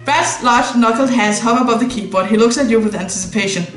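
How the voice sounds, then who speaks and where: A woman's voice: fairly high pitch, fast talker, fairly bright tone, echoey room, faint music behind, low-quality recording. Playful woman reading a game aloud. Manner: playful, laughing asides. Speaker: streamer. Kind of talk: reading a visual novel aloud.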